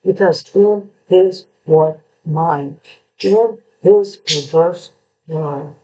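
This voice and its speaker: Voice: mid-range voice, drawn-out words, warm tone, dull audio, a little hiss or hum. A true crime commentator analysing a confession letter, who lectures with emphasis and asks rhetorical questions.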